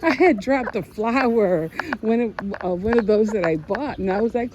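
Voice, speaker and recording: A woman's voice: fairly high pitch, normal speed. An older woman vlogging in a casual, rambling way, telling stories and often laughing. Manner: chatty storyteller who laughs often. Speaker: craft vlogger. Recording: dull lo-fi sound with steady noise.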